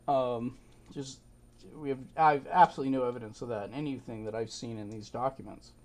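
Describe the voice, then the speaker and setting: A man's voice: medium pitch, fairly even intonation. Man musing over old documents. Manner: musing, halting, with fillers and short laughs. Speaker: amateur history researcher. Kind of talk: casual commentary reading documents.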